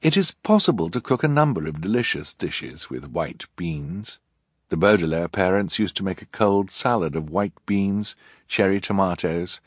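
Brief: male audiobook narrator, low voice, dry close studio sound, wry delivery. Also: no echo.

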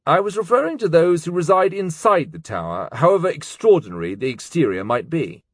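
A man's voice: fairly high pitch, very animated, brisk, husky, dry recording, clean studio sound, voice pushed up. A man voicing a stern, cold older male scholar in an audiobook, with a clipped, cutting manner. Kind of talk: audiobook character voice.

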